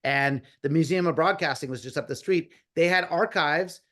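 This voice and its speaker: A man in his fifties, a comedy writer guest, telling animated, rambling stories with lots of restarts and quoted asides. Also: fairly high pitch, moderate pace. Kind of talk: casual storytelling interview.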